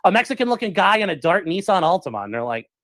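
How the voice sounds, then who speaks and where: Fast, animated man telling a rambling story. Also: sits high, dry recording. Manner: rambling, animated, full of fillers and acted-out quotes. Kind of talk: casual storytelling to a live chat.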